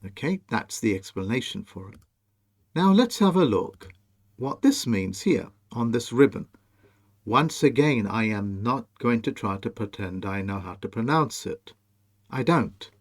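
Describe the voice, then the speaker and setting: A man presenting a monologue over on-screen images, slow, emphatic and commanding as he speaks straight to the viewer. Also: mid-range voice, animated. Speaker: video presenter.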